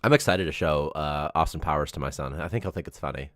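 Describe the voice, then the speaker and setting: A man in his thirties chatting casually on a live development stream, telling rambling, animated stories and laughing often. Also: extremely low pitch, fast, no echo, clean studio sound. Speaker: game developer co-hosting a dev stream.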